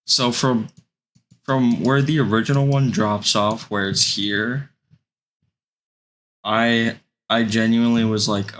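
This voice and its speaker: A man's voice: on the low side, fairly even intonation, takes it slowly, long pauses, fairly bright tone. A young man giving casual, rambling commentary, hesitant and full of fillers. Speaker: vlogger.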